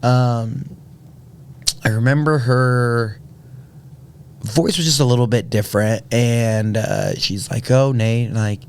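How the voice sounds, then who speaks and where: A man's voice: medium pitch, slow pace, long pauses, a little mellow, clear, resonant tone. A man, telling a personal story earnestly on a podcast, with many fillers and restarts. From Indiana, USA. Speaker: podcast guest. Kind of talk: casual storytelling.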